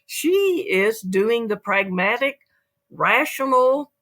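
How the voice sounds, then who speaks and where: An author being interviewed on a podcast, telling stories in a lively way and acting out the quotes. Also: mid-range voice, takes it slowly. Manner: lively storyteller who acts out quotes. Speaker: author and guest. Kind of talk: storytelling in an interview.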